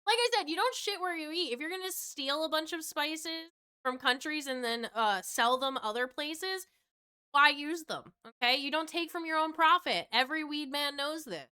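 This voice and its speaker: A woman's voice: sits high, expressive, normal speed, bright, forceful tone. A woman in her thirties streaming, chatting casually and joking, often laughing. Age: 30s.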